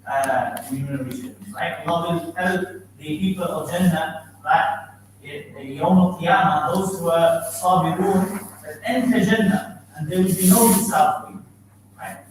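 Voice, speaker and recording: Man, preacher, quizzes listeners, recites Arabic, very reverberant room, faint hiss. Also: sits high. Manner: asks the audience questions, quotes Arabic verses. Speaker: imam giving a talk. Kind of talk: interactive Islamic lecture. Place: mosque hall. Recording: very echoey hall from far off.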